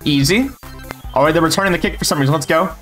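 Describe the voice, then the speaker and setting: Young male gamer, cocky play-by-play, a bit high-pitched, faint music under him. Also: fast talker, fairly bright tone. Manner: boastful, joking trash talk. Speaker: gaming YouTuber. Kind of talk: live gameplay commentary.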